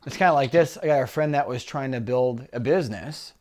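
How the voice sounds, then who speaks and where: A man of middle pitch co-hosting a relaxed business talk. He explains ideas plainly and chats easily with his partner. He keeps returning to an invitation to book a call. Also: brisk. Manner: conversational, pitching a one-on-one call. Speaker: business coach co-host. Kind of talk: casual chat.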